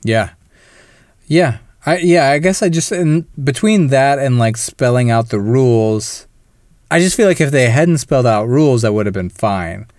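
Guy on a film podcast, smooth clear voice, dry close mic, jumps into little character bits. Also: medium pitch, dry recording. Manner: animated, mimics characters in quick asides. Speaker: podcast co-host. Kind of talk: casual film discussion.

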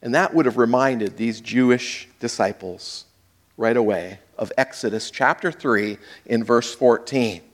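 A male pastor preaching a sermon, dramatic, swinging between loud and hushed, asking the audience questions. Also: medium pitch, unhurried. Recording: echoey hall with long reverb.

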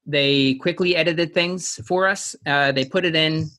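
Recapping a TV episode on a casual podcast, this co-host rambles through his ideas, laughs a lot, and acts out quotes. He speaks at a measured pace in a bright, forceful voice on the high side.

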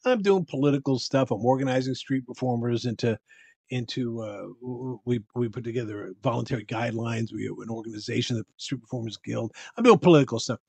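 Animated older man, husky voice. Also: medium pitch, a little fast, dry recording. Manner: animated, acts out voices in his stories; frequent restarts and stammers. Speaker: guest, bubble performer. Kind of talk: casual interview storytelling. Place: podcast room.

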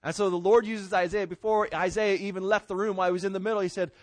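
A man's voice: high voice, fairly even intonation, fast, dry recording. A man, preaching a sermon in a folksy, conversational way full of homespun comparisons. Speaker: pastor.

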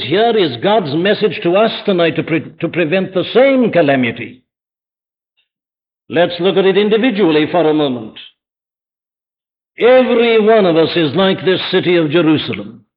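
Male preacher, fairly high voice, urgent rhetorical questions, dull old church recording. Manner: emphatic, full of rhetorical questions. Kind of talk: evening sermon. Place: church before a congregation. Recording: dull lo-fi archive sermon recording.

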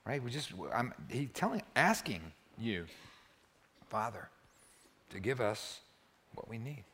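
A man's voice: medium pitch, big pitch swings, measured pace, pauses often, fairly bright tone, slight background noise. Male pastor, church sermon, conversational, joking, keeps asking "right?". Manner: conversational and humorous, often asks the listeners "right?".

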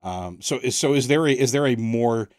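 Halting American man hosting an interview. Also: mid-range voice, darkish tone, dry recording, clean studio sound. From United States. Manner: halting, restarts often, thoughtful. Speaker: podcast host. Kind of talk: casual interview chat.

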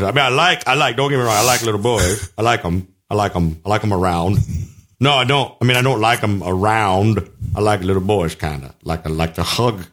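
A teasing, foul-mouthed man at middle pitch. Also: fairly quick, fairly bright tone. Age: middle-aged. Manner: teasing, profane, rambling with restarts. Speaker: podcast co-host. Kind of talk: crude, joking casual chat.

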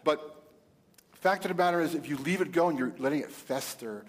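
A middle-aged man hosting a casual talk about marriage, quoting scripture, animated with loud bursts and frequent laughs. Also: a little high, normal speed. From Italian heritage. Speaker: pastor and host. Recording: long hall reverb.

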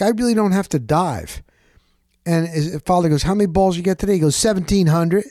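A man's voice: on the high side, no echo, clean studio sound. A man hosting a talk show, telling a long casual story and acting out the voices of the people in it, blunt and a bit profane. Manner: animated, acts out quoted voices, blunt and profane. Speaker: radio host telling a story. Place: lives in Florida.

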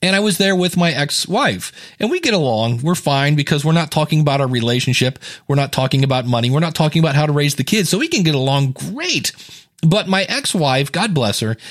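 Chatty, animated male podcast host. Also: a little high. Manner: chatty, animated storytelling with playful asides. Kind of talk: casual podcast chat and monologue.

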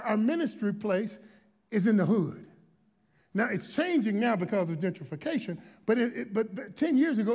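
High-voiced emphatic preacher man. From Washington, D.C. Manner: emphatic and dynamic, swinging from shouts to hushed storytelling. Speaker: pastor. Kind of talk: preaching a sermon.

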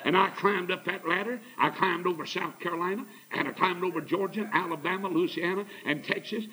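A man's voice: high-pitched, a little fast, bright, forceful tone, poor audio. A man quoting an older preacher's exultant testimony in his own voice.

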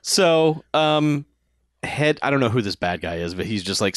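A man casually talking through a film plot, with a lot of laughter and lively, swooping intonation. He acts out characters' lines in quick bursts. His voice is recorded close and dry, with no room sound. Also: fairly low pitch, no room sound. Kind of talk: casual movie-review chat.

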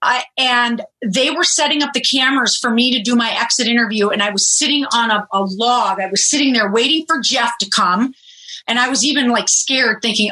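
Bright, animated woman telling stories. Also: on the high side, fairly quick, low-quality recording. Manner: animated storyteller, laughs often. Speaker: guest, former reality show contestant. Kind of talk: casual podcast interview.

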